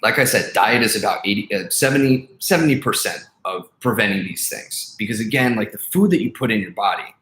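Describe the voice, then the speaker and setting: A man's voice: fairly low pitch, a little fast, hardly any pauses, a bit bright. A young man ranting casually to camera, blunt and profane, full of fillers and exasperation. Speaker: vlogger and life coach. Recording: echoey room.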